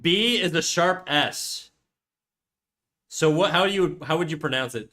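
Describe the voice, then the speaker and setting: Male streamer, slightly high, bright voice, rambling and self-mocking, casual swearing. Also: measured pace, pauses often. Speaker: live-streaming artist. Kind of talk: casual livestream chat.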